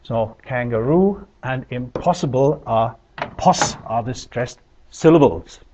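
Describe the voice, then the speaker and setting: A man giving a measured, explanatory linguistics lecture, with deliberate pauses. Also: medium pitch, background noise. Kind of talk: recorded university lecture. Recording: dull lo-fi lecture recording.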